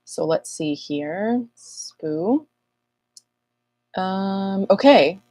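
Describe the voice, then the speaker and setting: A woman astrologer hosting a casual live Q&A, chatty and rambling with self-mocking asides, her voice a little husky this morning. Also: mid-range voice, animated, extremely slow, mellow, no echo. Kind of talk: casual livestream chat.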